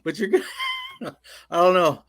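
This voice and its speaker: A man on a talk panel who answers with lively, laughing chatter. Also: high-pitched, moderate pace, no room sound. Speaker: panel guest. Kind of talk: comedic chat.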